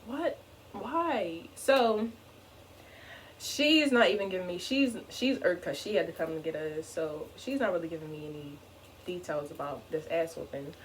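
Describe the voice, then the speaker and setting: A young adult woman vlogger telling a funny personal story in an animated way, often saying "like". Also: on the low side, normal speed, slight background noise, low-quality recording. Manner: animated, fills speech with "like". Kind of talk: casual storytime.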